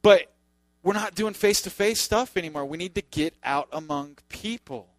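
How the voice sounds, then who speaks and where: A man's voice: high-pitched, moderate pace, dry recording. A man preaching a sermon in a loose, conversational way, with joking asides to the congregation. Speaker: pastor.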